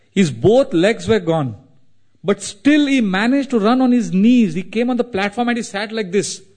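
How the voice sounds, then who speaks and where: A man from India, telling a devotional story as a sermon, in a dramatic, animated way. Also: high voice. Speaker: spiritual speaker.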